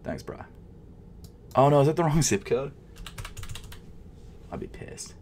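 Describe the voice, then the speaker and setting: A man who vlogs about sneakers, commenting casually while trying to buy shoes online, muttering in frustration and jumping between loud outbursts and whispers. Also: a little high, sing-song, a little slow, a little hiss or hum. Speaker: sneaker vlogger.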